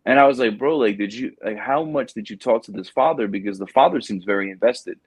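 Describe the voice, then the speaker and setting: Animated storytelling man, low voice. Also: brisk, husky, no room sound. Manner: animated storyteller, acts out quotes, says "bro". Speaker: podcast host, Marine recruiting staff sergeant. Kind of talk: casual storytelling chat.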